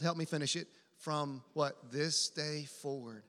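A man preaching a sermon to his congregation, animated and drawing the crowd into call and response. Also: on the high side, moderate pace, long reverb tail. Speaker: pastor. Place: church hall.

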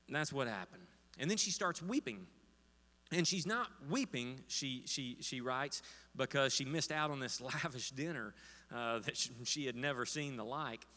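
A man's voice: mid-range voice, animated, moderate pace, sharp tone. A man telling a story in a sermon as pastor, with frequent fillers and restarts. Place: church sanctuary. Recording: long hall reverb.

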